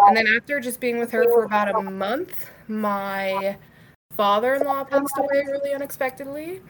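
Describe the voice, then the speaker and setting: A young woman chats as a podcast guest, loose and conversational, leaning on "like" and "um" and dropping casual swear words. Her voice sits at an ordinary middle pitch for a woman, with a faint noise under the recording. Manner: chatty, frequent "like" and "um" fillers. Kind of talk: casual storytelling interview.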